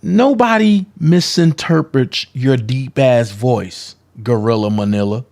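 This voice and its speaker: Male commentary vlogger, gravelly, confrontational and foul-mouthed. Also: mid-range voice, animated, unhurried. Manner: profane, heated, calling people out.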